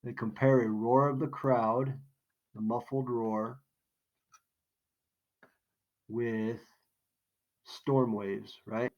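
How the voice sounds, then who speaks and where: A man walks through a poem in a recorded lesson. He talks casually, poses questions and then answers them himself, at a middle pitch. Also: fairly even intonation, slow pace, a little mellow, dull audio. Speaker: teacher. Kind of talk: recorded classroom lesson walkthrough.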